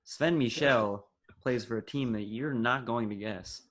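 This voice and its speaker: A man's voice: mid-range voice, measured pace, a bit bright. A teenage young man co-hosting a casual sports podcast over a video call, running a quiz and teasing his friends. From United States. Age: teens. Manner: teasing, upbeat, runs the quiz. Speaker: podcast co-host and quizmaster.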